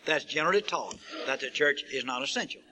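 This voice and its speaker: A man preaching a sermon who builds to emphatic peaks and asks rhetorical questions, stretching out key words slowly. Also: medium pitch, animated, crowd noise, low-quality recording. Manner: slow drawn-out stresses on key words.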